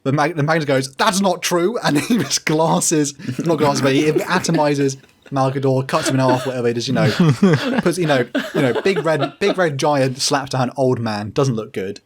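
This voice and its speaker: Brief: male podcast host, mid-pitched, comedic recap, breaks into laughter and quick character bits. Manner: jokey, laughing, acting out characters in quick paraphrase.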